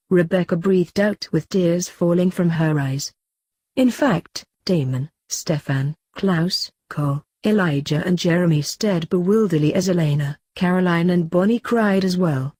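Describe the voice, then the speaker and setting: Low, mellow woman reading a story. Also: a little slow, husky, dry recording. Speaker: fanfiction reader.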